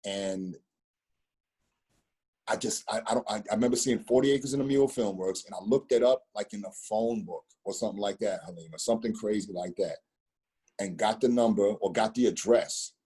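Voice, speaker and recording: Middle-aged storyteller, fifties, husky and dark-toned, loose rambling delivery full of slang and restarts. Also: male voice, fairly low pitch, a little fast. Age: 50s. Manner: rambling, repeats words, street slang. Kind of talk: casual storytelling conversation.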